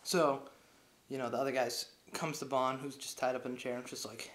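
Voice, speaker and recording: In an echoey space, a young guy who reviews films gives a loose, casual rundown of a plot, rambling and leaning heavily on filler words. His mid-range voice stays level, a little fast and slightly bright.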